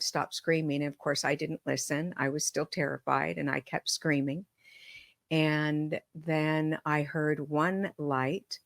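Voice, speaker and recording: A woman, a podcast guest, telling a personal story slowly and earnestly, dropping her voice at times. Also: deep voice, fairly bright tone, no echo, studio quality. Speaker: podcast guest, medium and author. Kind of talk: storytelling in an interview.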